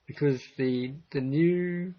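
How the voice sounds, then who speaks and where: A man's voice: a little high, takes it slowly. A man hosting a livestream, meandering through his thoughts with many restarts. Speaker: livestream host. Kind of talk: rambling livestream chat. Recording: dull lo-fi stream audio.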